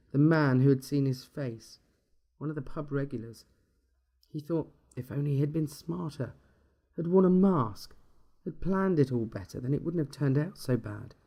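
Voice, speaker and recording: Mellow man reading a dark tale. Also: medium pitch. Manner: steady, measured storytelling. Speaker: narrator.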